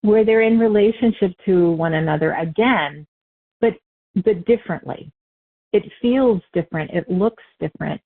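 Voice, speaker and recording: A woman's voice: medium pitch, moderate pace. A woman giving an unscripted spiritual teaching talk, loose and conversational, correcting herself as she goes with light laughs. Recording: tinny phone-like line.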